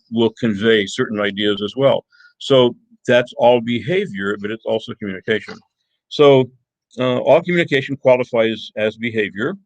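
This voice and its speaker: A man's voice: on the low side, creaky, no echo, poor audio. A middle-aged man teaching a college class, speaking earnestly and often restarting phrases. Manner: earnest, self-correcting, emphatic gestures. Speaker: college instructor. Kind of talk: classroom lecture.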